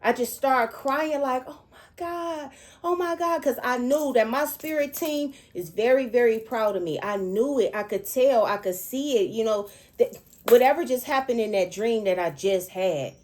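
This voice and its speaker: A middle-aged woman, a spiritual seer, telling a dream in an emotional, repetitive way and often pausing to ask "okay?". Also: on the high side, darkish tone. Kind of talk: spiritual storytelling monologue.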